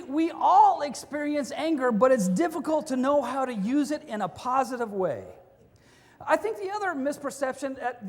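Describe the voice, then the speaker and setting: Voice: high voice, darkish tone. A pastor giving a sermon in a conversational way, mixing in humorous stories. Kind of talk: sermon with storytelling. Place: church. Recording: long reverb of a church hall.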